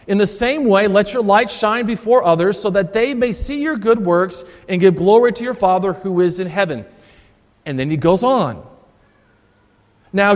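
A male Lutheran pastor preaching a sermon, emphatic and repeating his key phrases for stress. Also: high voice. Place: church sanctuary. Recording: long church reverb.

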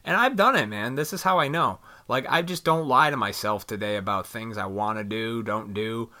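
A man rambling in a casual venting monologue to his viewers, swearing freely and animated. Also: lowish voice, normal speed. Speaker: vlogger.

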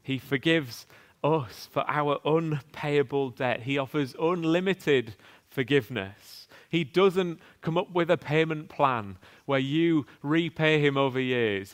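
A man's voice: a little high, slow pace. A man preaching a sermon in an earnest, conversational way, reading scripture and asking the congregation rhetorical questions.

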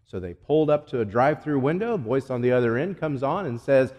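A middle-aged man delivers a sermon illustration, telling folksy stories in which he voices the characters and puts questions to the audience. His medium-pitched voice is animated, fast, and a bit dark in tone. A long hall reverb surrounds him.

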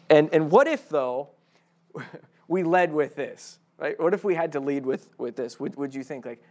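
Animated man preaching, slightly high voice. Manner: animated, repeats words, asks the listeners questions. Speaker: Bible college preacher. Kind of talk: conversational sermon.

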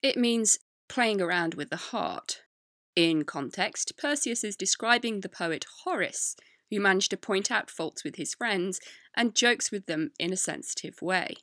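Woman reading a history podcast script, sarcastic asides, gravelly edge, dry sound. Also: mid-range voice, expressive, unhurried, fairly bright tone, no echo. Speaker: podcast host.

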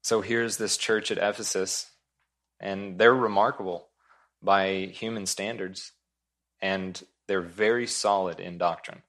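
Delivering a sermon, this pastor uses a low, deep voice that stays steady and fairly bright. He is earnest and emphatic, unhurried, and restates his key points to give them weight.

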